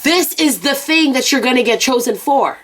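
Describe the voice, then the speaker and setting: A woman's voice: high voice, expressive, moderate pace, fairly bright tone. A woman giving an intuitive oracle and rune reading outdoors, talking frankly and with plenty of swearing straight to the viewer. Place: outdoors near planes and traffic.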